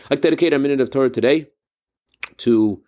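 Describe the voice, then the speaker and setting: A man's voice: medium pitch, fast talker, warm tone. A man giving a short Torah talk, telling a story in an earnest, reflective way. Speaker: Torah teacher.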